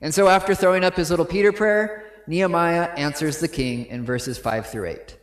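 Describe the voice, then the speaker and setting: At a normal speed and a fairly high pitch, a man preaches in a church sanctuary whose roomy acoustics surround his voice. The pastor's style is conversational, full of "right?" asides aimed at his listeners.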